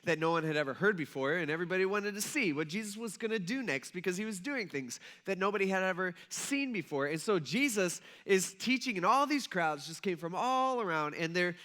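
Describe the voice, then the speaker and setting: A man's voice: high voice, bright, forceful tone. A male pastor giving a casual, conversational sermon. He tells the story loosely, acts out the voices of the people in it, and fills his speech with "kinda" and "like".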